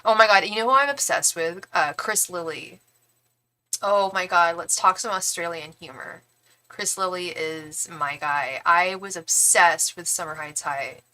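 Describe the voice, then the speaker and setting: A young tarot reader and psychic does readings on a live stream, gushing to viewers with plenty of "like" and "girl". Her voice is fairly low, a little slow and sharp, and the audio quality is poor.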